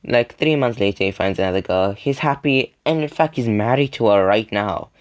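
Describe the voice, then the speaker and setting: Young man, casual storytime, rambling with lots of fillers, slightly low voice. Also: lively intonation, moderate pace. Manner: rambling, filler-heavy, laughs between sentences. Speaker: storytime video creator.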